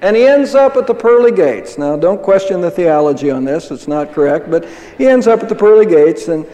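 A man's voice: high-pitched, lively intonation, fairly quick, dark tone. Older man, pastor; conversational sermon with rhetorical questions, long church-hall reverb.

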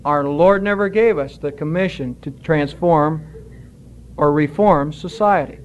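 A man preaching a sermon as pastor, in a measured, emphatic way that lingers on key words and quotes scripture. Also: on the high side, muffled recording, slight background noise.

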